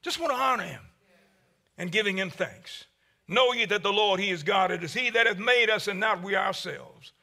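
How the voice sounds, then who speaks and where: A man preaching a sermon as pastor, with a preaching cadence that swells to shouts and drops low. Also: moderate pace, creaky.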